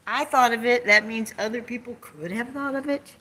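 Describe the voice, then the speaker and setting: A woman's voice: on the high side, normal speed, pushed and bright. A woman vlogging from home in a rambling casual chat, sarcastic and swearing, jumping between topics and mocking people in put-on quotes. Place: home, on couch or bed.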